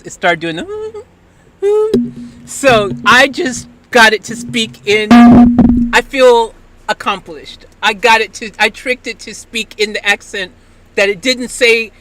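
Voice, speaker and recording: A man's voice: high voice, a little slow, bright, forceful tone, faint music behind. A male streamer chatting casually to his live audience, amused and laughing.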